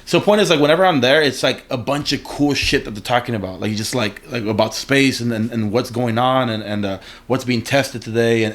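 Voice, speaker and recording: A man in a casual interview, rambling with lots of fillers and slang. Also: mid-range voice. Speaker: artist guest.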